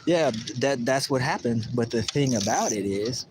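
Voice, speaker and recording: A man talks on a casual livestream, his pitch sitting in the middle. He rambles and restarts, acting out the voices of the people in his story. The recording is noisy with outdoor ambience. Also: moderate pace. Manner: rambling, animated, acts out quoted voices. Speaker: livestream host. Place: outdoors at a lake.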